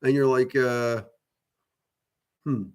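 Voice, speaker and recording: A channel host talks to his viewers at length about spiritual topics, rambling casually with plenty of fillers, restarts and offhand swearing. His voice is medium-pitched and smooth, slow, with little pitch movement.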